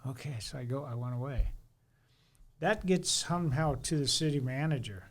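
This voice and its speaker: A man's voice: medium pitch, moderate pace. A middle-aged man, a former fire chief, telling workplace stories in casual podcast talk and acting out both sides of the conversations.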